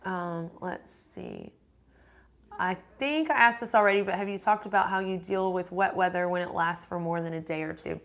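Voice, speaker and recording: Her voice sits lowish and a bit bright, moving at a moderate pace. She's running a casual live-stream Q&A, reading viewers' comments out loud and replying in a chatty, meandering manner full of restarts.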